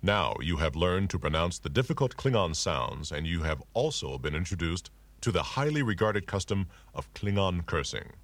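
A man's voice: low-pitched, sing-song, moderate pace, hardly any pauses, no room sound. A man narrating a scripted language lesson in a formal, mildly humorous way. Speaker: language instructor.

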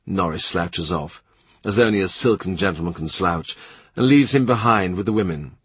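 Man narrating an audiobook, husky voice, measured pace, dry close sound. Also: deep voice, no room sound. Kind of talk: scripted narration.

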